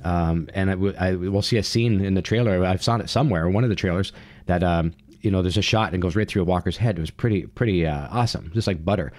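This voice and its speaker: A man's voice: low-pitched, fast talker, darkish tone, no echo. A man hosting his own channel, giving an enthusiastic, rambling recap full of fillers and restarts. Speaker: channel host. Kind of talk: casual TV recap monologue.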